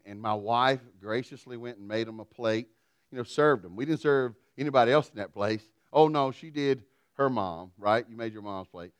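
A middle-aged man, preaching a sermon through a folksy, self-deprecating personal story, swinging from loud to quiet. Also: lowish voice, clean tone, dry recording. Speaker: pastor.

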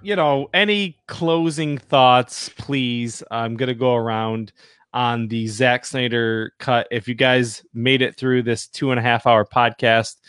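A man's voice: medium pitch, steady tone, measured pace, a bit bright, smooth, dry recording, clean studio sound. A man hosting a podcast, chatting casually in a rambling, jokey way and swearing now and then. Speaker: podcast host.

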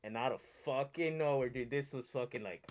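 A man co-hosting a wrestling podcast, recapping a match in an animated, heavily profane rant. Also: mid-range voice, fairly quick. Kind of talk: casual chat, heated recap.

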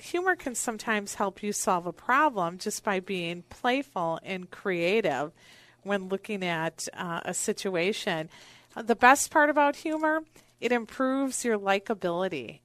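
A woman's voice: mid-range voice, fairly bright tone, no echo. A woman hosting a radio talk show, chatting and telling anecdotes in an upbeat way. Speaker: radio show host, wealth advisor. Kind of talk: casual radio interview chat.

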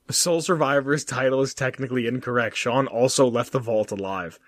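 A man's voice: medium pitch, fairly even intonation, fairly quick, no room sound. A man on a casual podcast, reading out game trivia and ranting with lots of swearing and laughter. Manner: profane, ranting, laughs often. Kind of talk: casual chat.

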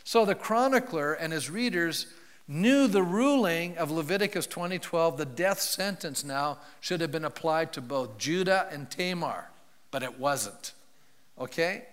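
A man's voice: on the high side, animated, a little slow. A male pastor preaching a sermon in a church, telling a Bible story in a loose, conversational way and asking the congregation questions. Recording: long reverb of a large hall.

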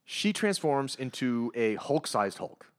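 Excitable, lively-voiced man. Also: mid-range voice, a little slow. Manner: excitable, emphatic, ranting. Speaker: podcast co-host. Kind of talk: casual chat.

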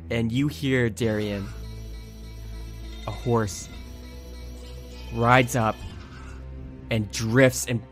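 A man narrating as game master of a tabletop game, playful and unhurried, with faint music behind. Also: medium pitch, steady tone. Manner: slow, playful narration with laughs.

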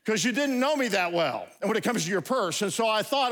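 A man's voice: sits high, animated, brisk, hardly any pauses, fairly bright tone. A middle-aged man preaching a sermon, telling a comic story with asides and stumbling restarts. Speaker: pastor. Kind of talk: humorous sermon. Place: large church hall. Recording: long hall reverb.

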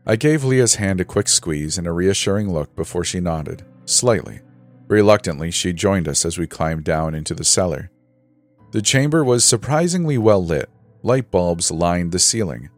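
A man narrating a first-person scary story in a steady, measured, suspenseful way. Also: deep voice, dry recording, faint music behind.

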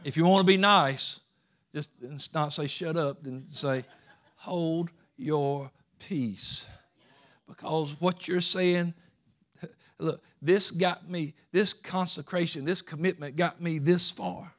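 A man preaches a sermon in a fairly high voice. He climbs to loud, emphatic peaks, then drops to murmured asides, repeating words as he drives his points home. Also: measured pace. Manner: swings from shouting peaks to low asides, with repetitions.

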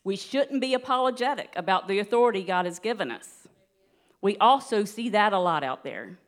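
A woman giving a sermon in an earnest, steady teaching manner, with light laughs now and then. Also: mid-range voice, normal speed. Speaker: preacher.

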